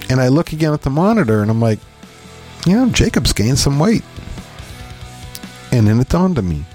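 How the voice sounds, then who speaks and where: A middle-aged man from Pennsylvania, co-hosting a podcast and telling stories in casual chat, acting out quotes with lively animation. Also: mid-range voice. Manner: animated storyteller, acts out quotes. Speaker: podcast co-host.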